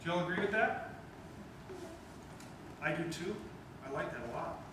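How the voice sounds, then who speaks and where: A man's voice: fairly high pitch, lively intonation, moderate pace. A man, questioning and encouraging as he teaches a wind band in rehearsal. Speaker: band clinician. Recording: echoey rehearsal room from far off.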